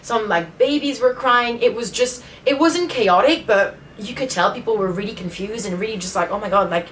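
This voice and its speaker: A woman's voice: on the high side, moderate pace, a little hiss or hum. A woman vlogger telling a personal story in a casual storytime vlog, emotional and full of fillers. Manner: emotional retelling, many fillers.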